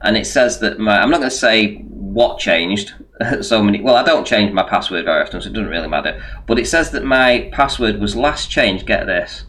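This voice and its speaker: A man's voice: lowish voice, animated, moderate pace, fairly bright tone, slight background noise. Teasing, sarcastic male stream host. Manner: teasing, sarcastic, chuckling often. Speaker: host of a live debate show. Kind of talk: casual live-stream debate chat.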